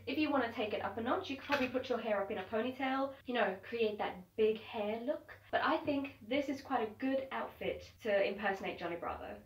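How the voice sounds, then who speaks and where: A woman's voice: on the high side, a little fast, hardly any pauses, slight background noise. A young woman vlogging at home, talking to camera in a chatty, upbeat way. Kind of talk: casual to-camera chat. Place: at home indoors. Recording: roomy sound from a distance.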